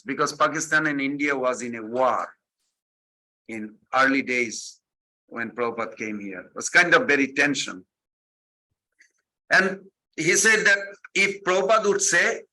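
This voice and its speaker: A man's voice: medium pitch, lively intonation, normal speed, sharp tone, low-quality recording. A man giving a devotional sermon, telling stories animatedly, repeating his phrases and acting out the quotes. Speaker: spiritual teacher.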